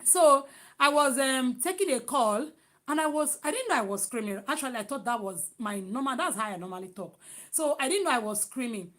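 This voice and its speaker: A woman from Nigeria with a Nigerian accent, chatting casually in a vlog, loud and emphatic, with many restarts. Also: high voice, lively intonation, fairly quick. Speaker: vlogger.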